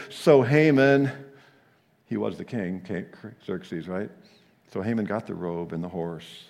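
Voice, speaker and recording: A man preaching a sermon, telling the story with animated delivery and frequent chuckles. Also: deep voice, unhurried, creaky, long reverb tail.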